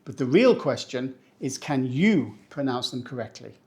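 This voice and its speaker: Playful teacher from England. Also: male voice, mid-range voice, very animated, over music. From northeast England. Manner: playful, slows down to spell out words. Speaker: English teacher. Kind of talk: educational pronunciation lesson.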